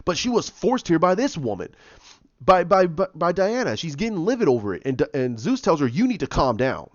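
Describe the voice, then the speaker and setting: Fairly quick and high-voiced, a man gives a casual, animated rundown of a comic book story. He performs the characters' dialogue with many restarts, captured in a dry, muffled, lo-fi recording.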